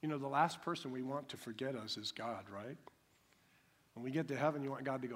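A man preaching a sermon with emphatic delivery, swinging from loud to hushed, acting out quick imagined voices. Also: medium pitch. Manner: acts out imagined voices in quick dramatic bursts. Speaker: pastor.

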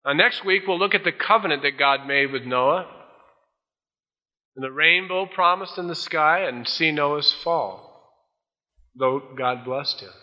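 A man's voice: a little high, unhurried, long pauses, pushed and bright. A male pastor preaching a folksy sermon, acting out the voices he quotes. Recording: dull old sermon tape in a large hall.

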